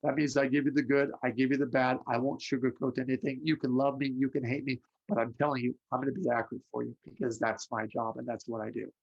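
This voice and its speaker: A man giving a psychic reading, telling stories with lively acted-out voices. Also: mid-range voice, fast talker, gravelly, hardly any pauses, breathy edge. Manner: animated storyteller, acts out voices in anecdotes. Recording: lo-fi muffled audio.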